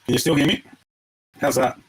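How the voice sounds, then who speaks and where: A man from Australia runs a live trading card break, talking casually and excitedly to his viewers as he opens packs. His voice sits at a middling pitch, and he keeps up a steady, chatty stream of commentary. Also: brisk, low-quality recording.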